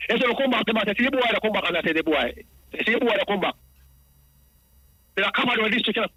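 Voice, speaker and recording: A Jamaican man calls in over the phone and rattles off his account at breakneck speed in a high, bright, sharp voice. He rambles in patois and circles back over the same points again and again. The line sounds dry and close. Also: very fast, long pauses, no room sound, rough recording. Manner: rambling, repeats himself, speaks in patois. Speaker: radio caller.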